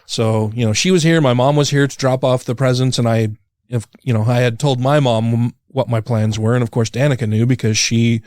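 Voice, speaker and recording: A man in his thirties co-hosting a podcast, telling a story in a rambling, self-deprecating way with many fillers, jumping up in pitch when he acts out his own panic. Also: steady tone, a little fast, a little mellow, no room sound, clean studio sound. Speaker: podcast co-host. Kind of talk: casual chat.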